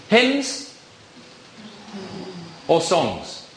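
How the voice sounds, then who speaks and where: A visiting preacher jokes with his congregation while preaching in a church with box pews, the room audibly echoey with a little hiss or hum. His high voice is very animated and a bit bright, at normal speed.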